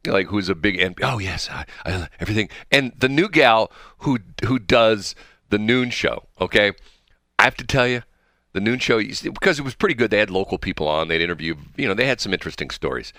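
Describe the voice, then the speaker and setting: Animated low-voiced man ranting on a talk show. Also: no echo, clean studio sound. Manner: animated, ranting, laughs often. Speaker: podcast co-host. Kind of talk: casual banter.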